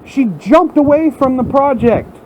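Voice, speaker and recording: High-voiced man ranting and swearing. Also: animated, measured pace, lo-fi sound, a little hiss or hum. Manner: heated, profane ranting. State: angry. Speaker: vlogger. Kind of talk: unscripted rant to camera. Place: at work, in front of a large window. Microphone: phone.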